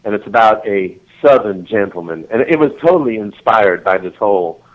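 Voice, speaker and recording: Lively, giggly man on a muffled line. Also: on the low side, moderate pace. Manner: rambling, giggly, full of restarts and voice play. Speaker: author guest. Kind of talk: casual interview chat.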